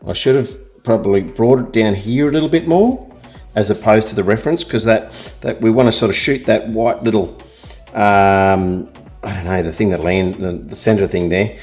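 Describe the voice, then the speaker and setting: A man's voice: on the low side, normal speed, a little mellow, soft background music. Chatty Australian man painting in real time. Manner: rambling, self-deprecating, chatty. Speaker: art tutor.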